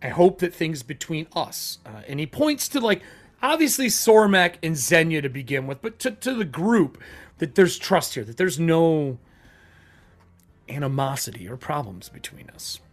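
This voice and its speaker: A man narrating as game master of a tabletop game in a halting way. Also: fairly high pitch, big pitch swings.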